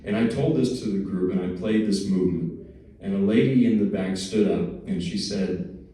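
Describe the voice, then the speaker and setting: A low-voiced man from New Jersey talks to an audience before he plays, chatty and self-deprecating, slipping in small jokes. His tone is warm and mellow. He sounds set back from the mic in a very echoey hall. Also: moderate pace, distant mic. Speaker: pianist giving a lecture recital. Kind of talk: casual spoken introduction to a piece.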